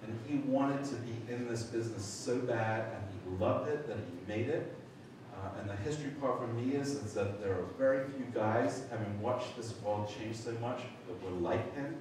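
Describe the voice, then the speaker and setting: A middle-aged man telling a lively anecdote at a memorial, swearing, laughing and acting out other people's voices. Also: on the low side, moderate pace. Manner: animated storyteller, swears, acts out voices, laughs. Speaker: memorial speaker. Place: large event hall. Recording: echoey hall from far off, noisy.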